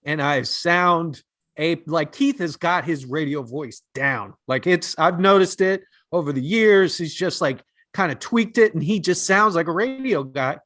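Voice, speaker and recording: Male co-host, bright, slightly high voice, relaxed and self-conscious, remote call. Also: a little slow. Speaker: podcast co-host. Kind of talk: casual chat. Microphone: remote computer call.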